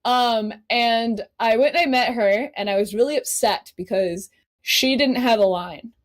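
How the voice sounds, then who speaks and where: A woman guest on a podcast telling stories in a casual, animated way, laughing often and swearing freely. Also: fairly high pitch, measured pace. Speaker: podcast guest, cosplay model. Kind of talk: casual storytelling chat.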